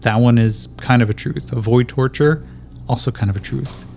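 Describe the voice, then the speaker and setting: A man's voice: mid-range voice, moderate pace, creaky, a little mellow. A man running a tabletop game as game master, thinking aloud as he checks the rules and narrates the scene. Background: faint background music.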